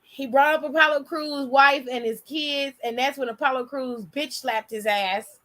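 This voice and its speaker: Brief: high-pitched woman, sassy and blunt vlog commentator, laughs a lot. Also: fairly even intonation, moderate pace, fairly bright tone. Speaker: wrestling commentary vlogger. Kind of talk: casual reaction commentary.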